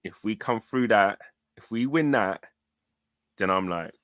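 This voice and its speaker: Animated man, low voice, dry sound. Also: unhurried, no room sound. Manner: animated, repeats words, "listen, man". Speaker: football fan show co-host. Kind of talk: casual match reaction chat.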